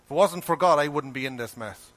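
Male preacher, fairly high pitch, folksy and animated sermon delivery. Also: fast. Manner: animated, rhetorical questions, colloquial grammar.

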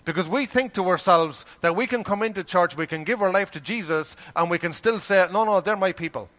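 Preaching man with a higher voice. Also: fairly quick. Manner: animated, rhetorical questions, colloquial grammar. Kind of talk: sermon.

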